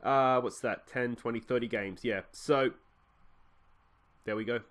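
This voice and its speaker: A man's voice: medium pitch, steady tone, unhurried, a bit bright. An Australian man hosting a video game let's play, chatting casually and thinking aloud with frequent fillers.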